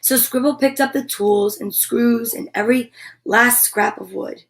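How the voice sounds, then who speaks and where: A woman reads a children's picture book aloud, expressive and full of little exclaimed asides. Her voice sits somewhat high, and she takes the story slowly. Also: creaky.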